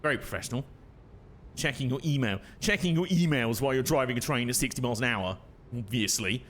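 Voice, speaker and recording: Young male streamer, mid pitch, chatty, jokey, self-deprecating, faint hiss behind. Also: brisk, a bit bright. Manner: chatty, self-mocking, laughs often. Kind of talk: casual gameplay commentary.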